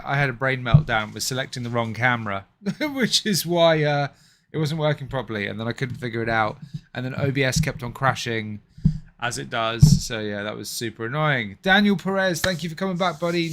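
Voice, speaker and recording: A man hosts a live stream, chatting casually with his viewers, muttering and swearing to himself before apologizing. His voice is medium in pitch and fairly bright, and he talks at a normal speed.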